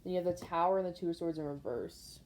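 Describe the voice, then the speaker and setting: A woman gives a casual tarot reading straight to her viewers. Her voice is mellow and sits slightly low. She rambles through intuitive impressions, leaning on filler words as she goes. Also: steady tone, quick pace. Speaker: tarot card reader. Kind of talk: casual pick-a-card tarot reading to camera.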